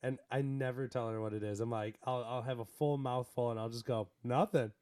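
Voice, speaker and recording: A man's voice: medium pitch, steady tone, a little fast, warm tone, clear, resonant tone. A young man in casual podcast chat, rambling through a story with lots of "like" and laughter. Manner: rambling, laughing, heavy use of "like". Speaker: podcast co-host.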